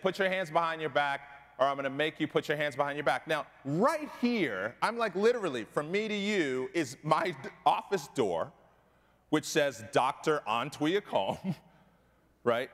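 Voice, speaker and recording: A man's voice: a little high, a bit bright. A middle-aged man giving a keynote talk, telling a personal story with emphasis and often asking the audience "right?". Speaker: keynote speaker. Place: large conference hall. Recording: long hall reverb.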